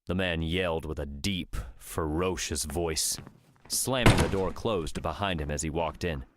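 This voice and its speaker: Deep-voiced male audiobook narrator. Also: measured pace, heavy background noise. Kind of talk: scripted narration.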